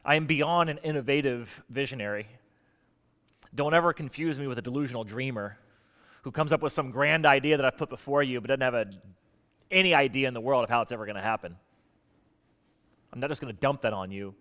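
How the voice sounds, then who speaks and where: A man preaching a sermon as pastor, animated and joking with the congregation in a church sanctuary. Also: mid-range voice, a little fast, long pauses, in a large hall.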